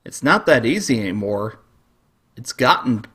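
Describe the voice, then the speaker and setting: A man in his twenties reviewing cartoons online, speaking in a calm, reflective and measured way. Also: mid-range voice, breathy edge. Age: 20s. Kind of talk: web video review.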